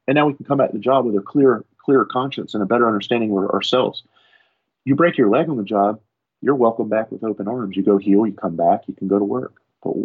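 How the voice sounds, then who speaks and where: A man's voice: lowish voice, slightly rough, phone-quality sound. A man, a firefighter, telling a profane story in casual podcast talk and acting out the people in it. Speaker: firefighter guest.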